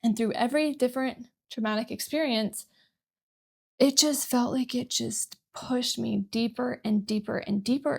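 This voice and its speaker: Gravelly-voiced woman vlogger talking candidly. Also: mid-range voice. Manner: candid, emotional, rambling with restarts. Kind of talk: personal talk to camera.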